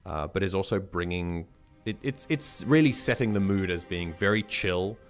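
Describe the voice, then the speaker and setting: Low-voiced man running a tabletop game. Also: expressive, moderate pace, soft background music. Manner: rambling, frequent restarts, chuckling. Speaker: game master.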